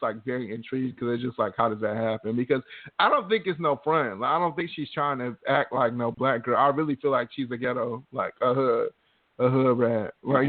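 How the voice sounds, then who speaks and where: A man's voice: medium pitch, no echo. A man co-hosting a casual podcast, rambling with lots of filler words. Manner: rambling, many "like" and "you know" fillers. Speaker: podcast co-host. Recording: tinny phone-like sound.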